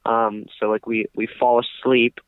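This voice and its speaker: A young man co-hosting a podcast tells a long story in casual chat, filling it with fillers and restarts. His medium-pitched voice moves little in pitch and runs a little slow, with a clear, resonant tone. The recording is dry with no room sound and has a tinny, phone-like quality.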